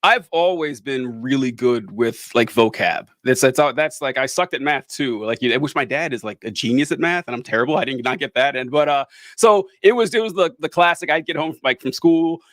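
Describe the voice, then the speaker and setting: A man's voice: medium pitch, lively intonation, brisk, hardly any pauses, fairly bright tone, no room sound. Rambling man, dry close sound. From American South. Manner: rambling, self-interrupting, laughs often. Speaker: podcast host. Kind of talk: casual chat.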